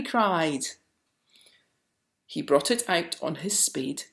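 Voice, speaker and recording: Slow, expressive woman reading aloud. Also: sits low, gravelly. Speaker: storyteller. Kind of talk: reading a picture book aloud. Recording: roomy echo.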